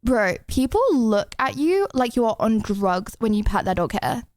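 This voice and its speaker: A woman's voice: a little high, animated, moderate pace, dry recording. A young woman streaming live, chatting in a rambling, giggly way full of fillers. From Australia. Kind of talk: casual live-stream chat.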